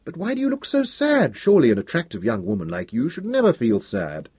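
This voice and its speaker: A man voicing a gentle, awkward older male scientist who talks softly and kindly, with some hesitation. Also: a little high, huge pitch swings, brisk, breathy edge, dry recording, studio quality, pitched above the performer's own voice, full character voice. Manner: soft-spoken, kindly, hesitant.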